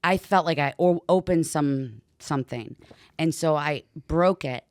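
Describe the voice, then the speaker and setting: A woman, a podcast guest, telling a story in a casual, animated way with lots of "like" and swearing. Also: low voice, unhurried, no echo, studio quality. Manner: animated, heavy use of "like" and swearing. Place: podcast studio.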